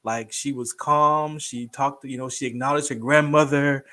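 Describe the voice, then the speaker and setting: A man in his thirties chatting casually as a guest co-host, telling stories with lively acted-out quotes. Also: medium pitch, moderate pace. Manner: animated storyteller, acts out quoted voices. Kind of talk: casual chat.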